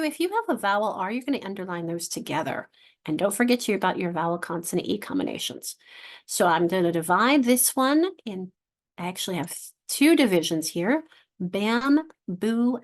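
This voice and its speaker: A woman literacy instructor leading an online workshop for teachers, encouraging and sounding out syllables slowly. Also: fairly low pitch, expressive.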